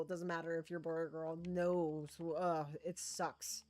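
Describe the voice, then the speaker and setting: A woman's voice: low voice, level tone, unhurried, a little mellow, dry recording. A woman streaming a video game, chatting casually with viewers as she thinks aloud and adds playful little sound noises. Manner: coos affectionately at game creatures. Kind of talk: casual live-stream commentary.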